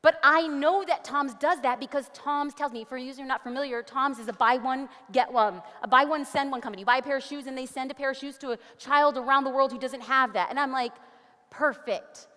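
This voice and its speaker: High-voiced upbeat woman presenting in a hall. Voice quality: animated and upbeat, with quick jokey asides. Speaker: conference speaker. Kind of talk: energetic conference presentation. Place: large conference hall. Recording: long hall reverb.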